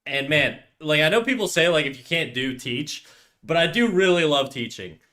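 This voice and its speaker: A man's voice: on the high side, animated, normal speed, sharp tone. A man streaming while he draws, chatting casually and candidly with his viewers, rambling and often calling them "dude". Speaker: streamer and artist. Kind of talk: casual livestream chat.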